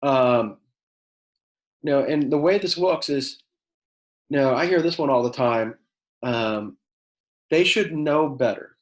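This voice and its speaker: Male high school teacher giving a workshop, sarcastic edge, loose talky delivery, roomy sound. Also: slow pace, long pauses. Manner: conversational, many fillers, acts out quoted exchanges; self-described sarcastic.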